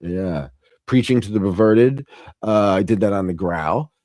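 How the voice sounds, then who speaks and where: Low-voiced rambling male host. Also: a little slow, a little mellow, no echo, studio quality. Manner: rambling, laughs often, trails off and restarts. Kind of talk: casual podcast chat about films.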